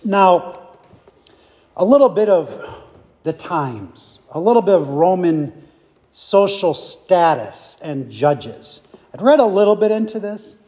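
A man teaching a Bible study class in a slow, halting way, with many fillers and restarts. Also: sits high, animated, dark tone, in a large hall.

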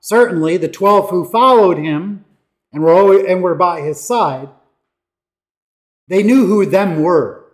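A pastor delivering a sermon, his voice sitting high for a man. He preaches slowly and emphatically, leaning on dramatic pauses and acting out the quoted lines. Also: animated.

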